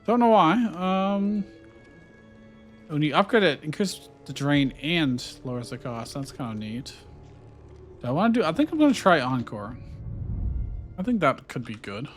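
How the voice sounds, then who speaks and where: A man narrating his own gameplay in a relaxed, thinking-aloud way. His voice sits a little high, and he muses over options with frequent fillers. Faint music plays behind him. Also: unhurried, pauses often. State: hiccuping. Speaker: gameplay streamer. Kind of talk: casual let's-play commentary.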